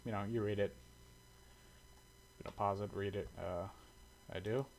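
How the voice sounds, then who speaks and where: A man with a lowish voice, an airsoft video creator, rambles casually while browsing online, reacting aloud with plenty of swearing and fillers. His intonation stays fairly even at a moderate pace, and the rough recording carries slight background noise.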